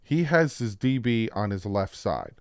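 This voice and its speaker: Low-voiced New Jersey man. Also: measured pace, clear, resonant tone, no echo. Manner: excited, play-by-play explaining. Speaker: sports commentator. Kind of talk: casual football breakdown over video clips.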